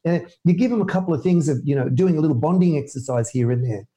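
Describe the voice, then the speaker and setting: Aussie guy talking fast and punchy, kinda high voice, really sharp and bright. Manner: energetic, emphatic, animated with quick bursts. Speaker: mindset coach guest. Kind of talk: podcast interview answers.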